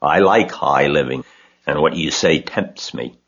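A man voicing a greedy, grumbling male rat who drawls slowly. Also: a bass voice, a bit bright, breathy edge, full character voice. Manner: grumbling, slow. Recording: dull lo-fi recording.

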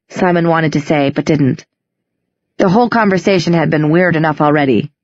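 A woman narrating an audiobook with a measured, even reading, in a slightly dull, dry studio recording. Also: low-pitched, dry recording. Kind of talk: scripted narration.

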